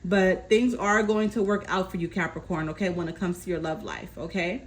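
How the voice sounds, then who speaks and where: A woman doing a casual tarot reading, calmly relaying messages from spirit and often checking in with her listener. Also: fairly low pitch, normal speed, rough recording. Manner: reassuring, keeps checking in with "okay?". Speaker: tarot reader.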